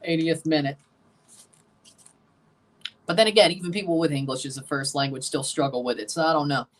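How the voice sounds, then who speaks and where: A man's voice: on the high side, brisk, far from the mic. A man with a Southern US accent hosting a live match watchalong, chatting with viewers and calling out the minutes. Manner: chatty, responding to chat, calls out match minutes. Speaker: livestream host reacting to a soccer match. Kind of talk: casual live watchalong chat.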